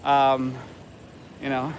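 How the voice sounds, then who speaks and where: A man's voice: mid-range voice, completely flat delivery, very slow. A man in his forties livestreaming from a city sidewalk, talking indignantly and repeating himself when challenged. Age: 40s. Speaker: vegan activist livestreamer. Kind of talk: live street vlog. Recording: faint street noise outdoors. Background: street traffic.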